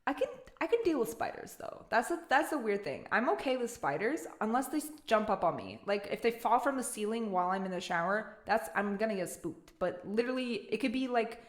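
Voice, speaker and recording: A woman's voice: on the high side, big pitch swings, a little fast, hardly any pauses, roomy sound. A woman with a Canadian accent, chatting casually with her live-stream chat in a giggly, talkative way. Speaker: music streamer.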